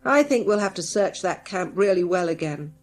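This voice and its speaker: Woman reading drawling crook boss, menacing, slow and loud. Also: fairly low pitch, lively intonation, natural voice. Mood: sharp, angry. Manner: drawling, turns sharp and angry. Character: drawling gruff male gang boss, menacing.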